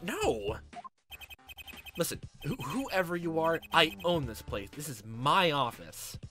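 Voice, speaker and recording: A man's voice: on the high side, lively intonation, slow, music in the background, voice pushed up. A man voicing a flustered young male defense lawyer in his own voice.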